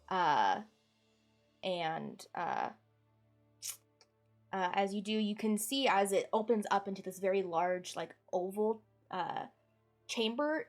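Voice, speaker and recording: A woman game master narrating a tabletop game, describing scenes in a relaxed, meandering way. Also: mid-range voice.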